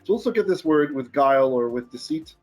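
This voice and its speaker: Rabbi teaching scripture, reads Hebrew then explains; slightly high voice with faint music behind. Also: male voice, big pitch swings, brisk. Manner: reads Hebrew aloud, then translates and explains, thinking out loud. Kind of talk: Bible study lesson.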